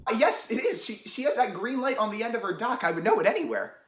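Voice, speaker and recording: A man's voice: very high-pitched, sing-song, fast talker, a crowd in the background. A man voicing an awkward, hesitant young man in a student comedy play, stammering often.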